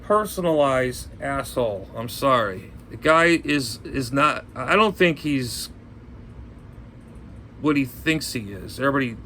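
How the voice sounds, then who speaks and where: A blunt man rambles and rants from home, swearing freely and circling back over his own points. His voice is bright and forward, at a middling pitch, with faint noise behind him. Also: expressive, a little slow. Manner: ranting, blunt, cursing, repeats himself. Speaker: ham radio vlogger. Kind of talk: rambling casual chat.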